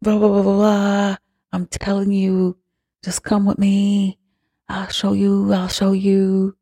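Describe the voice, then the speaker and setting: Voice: medium pitch, monotone, slow pace, warm tone, breathy edge, pitched above the performer's own voice. The host of a comedy film-recap podcast voicing a pushy woman who keeps coaxing a grieving mother to come to a séance. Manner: wheedling, insistent, dismissive blah-blah.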